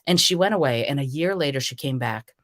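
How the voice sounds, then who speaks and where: A woman guest, a tarot reader, telling lively stories in conversation and acting out the dialogue. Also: rumbling low, fairly quick, no room sound, clean studio sound. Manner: lively storyteller who acts out dialogue. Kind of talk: storytelling in conversation.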